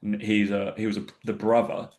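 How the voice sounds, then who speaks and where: A man's voice: fairly low pitch, monotone, normal speed, darkish tone. A British man co-hosting a casual fitness podcast, chatty and swearing as he tells anecdotes. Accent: British English. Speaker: podcast co-host, personal trainer.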